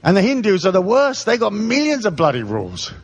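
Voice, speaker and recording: A man's voice: high voice, huge pitch swings, fairly quick, soft background music. A man raised in Africa, giving a live seminar in an irreverent, profane, sardonic comic style. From raised in Africa, born in England. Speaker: seminar speaker. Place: live audience hall.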